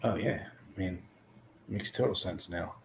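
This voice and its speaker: A man's voice: sits low, a little slow, vocal fry, slight background noise. A man hosting a podcast, telling profane stories and teasing his co-host in casual chat. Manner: profane storyteller, dry teasing.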